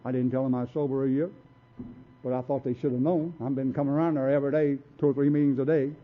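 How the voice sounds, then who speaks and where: Gruff street-kid man, plain mid-range voice, plainspoken storyteller, lo-fi narrow recording. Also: mid-range voice, little pitch movement, fast. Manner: blunt streetwise storytelling, acts out quotes. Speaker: recovery meeting speaker. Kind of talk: personal story talk. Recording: tinny phone-like recording.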